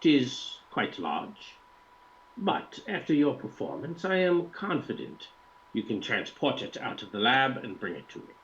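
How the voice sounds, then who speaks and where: A man voicing a formal, cold employer who hires thieves and speaks in measured, stiff sentences without contractions. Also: mid-range voice, sing-song, fairly bright tone, dull audio. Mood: calm.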